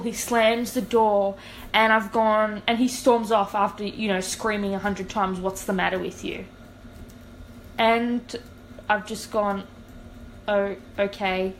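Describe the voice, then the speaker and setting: A woman's voice: a little high, takes it slowly, slight background noise, rough recording. A young woman, a podcast co-host telling a long story in casual chat and acting out what people said. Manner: animated, acts out quoted dialogue.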